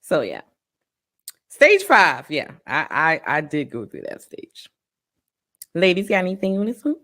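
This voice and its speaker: A woman co-hosting a parents' talk show, telling a personal story in an emotional, halting way with many pauses and restarts. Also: sits low, big pitch swings, fairly bright tone. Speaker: parent co-host. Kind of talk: casual personal testimony.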